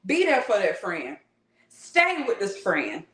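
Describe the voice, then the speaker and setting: A woman voicing a loving divine spirit that softly coaxes and pleads with its child, calling them baby. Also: medium pitch, wildly swooping pitch, slow pace, pitched below the performer's own voice, full character voice. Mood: reassuring. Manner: soft, coaxing, calls the listener baby. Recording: roomy echo.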